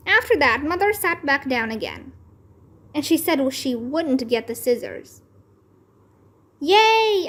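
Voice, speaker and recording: Woman reading a kids book out loud, high voice, really lively and slow. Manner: expressive, deliberate storytelling. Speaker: read-aloud channel host. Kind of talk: children's book read-aloud narration.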